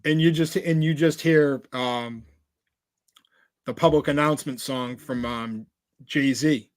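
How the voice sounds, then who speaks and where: A man's voice: medium pitch, takes it slowly, no room sound. Rambling, filler-heavy podcast co-host man. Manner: rambling storyteller, many filler "like"s and restarts. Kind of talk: casual chat.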